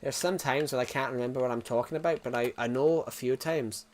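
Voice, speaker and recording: A young man in his twenties live-streaming a game, talking to his chat at an ordinary middle pitch. He rambles loosely, often restarting sentences and repeating himself as he goes. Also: a little fast, slight background noise. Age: 20s.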